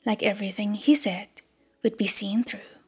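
A woman narrating an audiobook in a hushed whisper. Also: mid-range voice, fairly even intonation, moderate pace, breathy edge, faint music behind.

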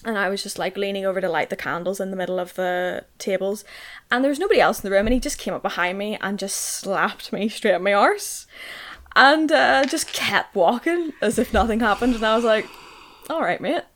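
Young woman, casual podcast co-host, medium pitch, sweary, rambling storyteller. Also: brisk, fairly bright tone. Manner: chatty storyteller, lots of "like", sweary, bursts into high laughter. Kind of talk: casual chat.

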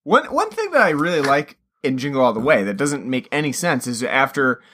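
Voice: mid-range voice, big pitch swings, a little fast, fairly bright tone. Blunt, critical podcast co-host. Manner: critical, dry, blunt opinions. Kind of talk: casual movie-review chat.

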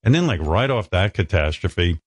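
Lively, sarcastic low-voiced male radio host. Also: normal speed, no echo. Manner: animated, sarcastic, profane riffing. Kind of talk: casual talk radio banter.

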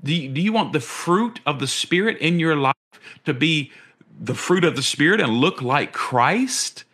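A man's voice: expressive, unhurried, bright, forceful tone. Earnest male pastor preaching. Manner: earnest, repeats words, rises in pitch on questions. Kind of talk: sermon.

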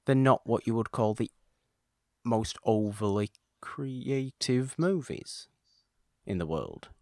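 A man's voice: mid-range voice, lively intonation, takes it slowly, darkish tone, no room sound, studio quality. A man hosting a casual podcast chat, talking with enthusiasm and rambling, often repeating words. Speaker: podcast host.

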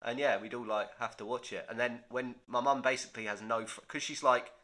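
A man's voice: medium pitch, steady tone, brisk, bright, forceful tone. A young man co-hosting a comedy podcast, chatty and giggly in casual banter. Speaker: podcast co-host.

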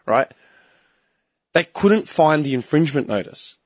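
A man's voice: on the high side, animated, unhurried, breathy edge, no echo. A man with an Australian accent, telling a story in casual chat as co-host, acting out the quoted voices and swearing freely. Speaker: podcast co-host.

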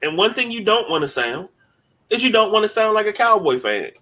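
A man hosting a sports podcast in casual talk, animated and mocking, often stumbling over repeated words as he starts a thought. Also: high voice, quick pace. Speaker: podcast host.

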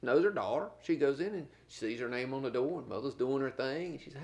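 A middle-aged man from North Carolina, an animated storyteller laughing through a casual podcast chat as co-host. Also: medium pitch, fast, hardly any pauses.

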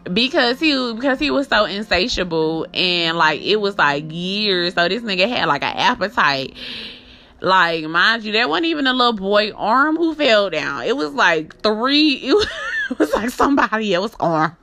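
A woman's voice: medium pitch, lively intonation, moderate pace, bright, forceful tone. A woman hosting a podcast and giving a casual review of a horror movie, swearing, using heavy slang and laughing often as she talks. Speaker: podcast host.

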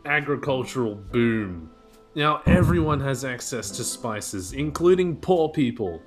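A man's voice: medium pitch, lively intonation, measured pace, over music. Profane joking man on a video call. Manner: profane, rambling joking history rant. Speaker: podcast co-host. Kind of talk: casual chat, comic storytelling.

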